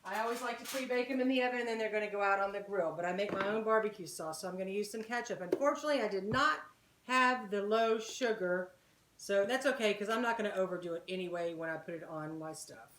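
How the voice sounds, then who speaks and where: A woman's voice: mid-range voice, fast, background noise. A woman hosting a home cooking video, chatting casually to her viewers as she walks them through a recipe. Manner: chatty, talks straight to viewers as "guys" and "y'all". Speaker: home cooking channel host. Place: home kitchen. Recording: roomy echoey kitchen.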